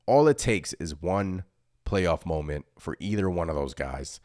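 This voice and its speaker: A young man with a deep voice, recorded dry and close, hosts a casual postgame show. He vents with frustration, hammers the same points again and again, and reads viewer chat aloud between his rants. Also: expressive, unhurried, darkish tone, no room sound. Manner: frustrated, repetitive, emphatic. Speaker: host of a fan postgame show.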